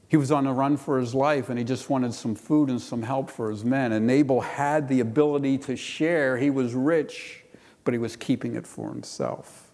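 A middle-aged man preaches to his church, reading scripture aloud before unpacking it in a relaxed, conversational voice. His speaking pitch sits in an ordinary middle range. A long reverb from the hall trails after his words. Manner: reads scripture then explains it conversationally, with playful voices for quotes. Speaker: pastor. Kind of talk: sermon.

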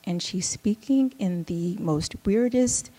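A woman's voice: mid-range voice, mellow. Wry, self-mocking woman storyteller. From Oakland, United States. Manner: wry and candid, laughing at herself, quick asides. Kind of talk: personal storytelling to an audience.

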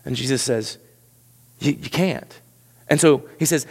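A man preaching a sermon as pastor, animated, swinging from loud high peaks to quiet low asides. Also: a little slow, breathy edge, long reverb tail.

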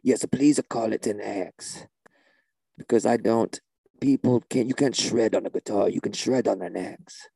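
A man voicing a spaced-out, deadpan male shaman who plays the guitar, with a put-on drawl. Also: fairly low pitch, unhurried, creaky, husky, no echo, full character voice, poor audio. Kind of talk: comedy sketch character.

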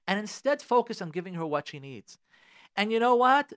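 A high-voiced male radio host talks from his studio with a very lively, swinging pitch. He is emphatic and repeats his key phrases, slipping Hebrew prayer words into his English advice. It is animated advice talk on a radio show. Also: moderate pace, clean tone.

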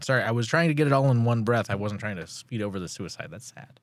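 An animated podcast co-host chatting casually, with a giggly, self-mocking way of talking. The pitch moves up and down a lot, full of life. The sound is dry and close. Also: quick pace, few pauses, no room sound. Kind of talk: casual chat.

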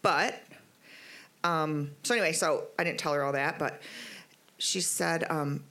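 A middle-aged woman giving a testimony at church, telling her story in an animated, rambling way with many fillers. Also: low-pitched, a little slow. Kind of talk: spoken testimony.

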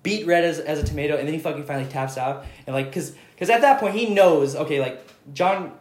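A man's voice: on the high side, quick pace. A man who is a guest on a podcast, telling a rambling, profane story in casual chat. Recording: roomy echo.

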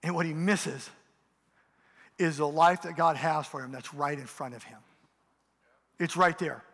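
The pastor's voice is fairly high and fairly bright, and he speaks a little slowly in an impassioned sermon that rises and falls to drive points home. He acts out mocking voices, and the recording has long hall reverb.

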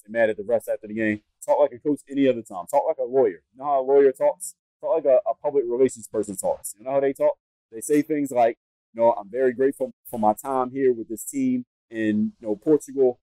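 A man's voice: mid-range voice, steady tone, quick pace, warm tone, no echo, poor audio. An American man hosting a podcast, giving blunt, emphatic advice and repeating his points. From United States. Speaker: podcast host.

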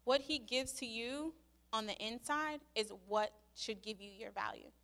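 Brief: young woman, chatty testimony, crisp bright tone, slightly high voice, lots of "like". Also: measured pace. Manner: animated, acts out her own quotes, many "like" fillers. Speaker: speaker sharing a testimony. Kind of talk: casual storytelling testimony.

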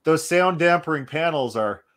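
A man hosting a casual discussion, talking in an animated way with many restarts. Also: a little high, normal speed. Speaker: podcast host.

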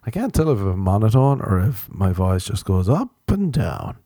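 A man's voice: lowish voice, big pitch swings, normal speed, dark tone, no room sound. A man from Ireland hosting a solo comedy podcast from his apartment, rambling through self-mocking jokes and tangents. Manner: self-mocking, meandering, jokey asides. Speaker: podcast host.

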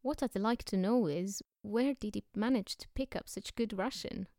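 A woman's voice: mid-range voice, moderate pace, dark tone, no room sound, clean studio sound, natural voice. A woman doing a grumpy, suspicious young poet. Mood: irritable. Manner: curt and irritable.

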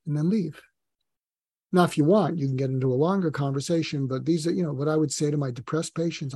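A man's voice: a little high, a little mellow, husky, no room sound. Earnest older man, dry close sound. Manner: earnest, storytelling with acted quotes, frequent hesitations. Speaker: psychiatrist guest. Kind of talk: conversational interview talk.

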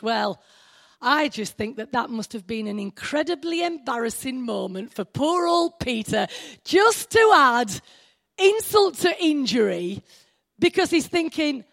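Woman preacher, high voice, chatty sermon delivery that questions the listeners. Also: sing-song, measured pace, vocal fry. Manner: conversational, asks the congregation questions.

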